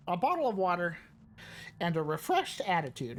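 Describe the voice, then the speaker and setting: A woman's voice: mid-range voice, big pitch swings, a little hiss or hum. A young woman streaming a game live, chatting casually and rambling between bites of food, with frequent laughs. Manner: chatty, rambling, laughs often, pauses to eat. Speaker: VTuber streamer. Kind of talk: casual live-stream chat while gaming.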